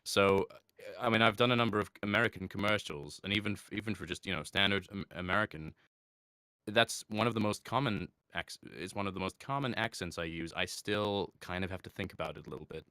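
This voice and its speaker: A man, a voice actor chatting in an interview, reflective and quick to laugh. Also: low-pitched, bright, forceful tone, smooth, no echo, clean studio sound. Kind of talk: casual interview talk.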